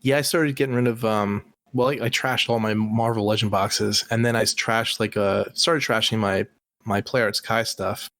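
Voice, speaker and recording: A man's voice: fairly low pitch, fairly even intonation, normal speed, fairly bright tone, no echo. A man co-hosting a podcast in casual, rambling chat with lots of fillers. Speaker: podcast co-host. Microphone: online call recording.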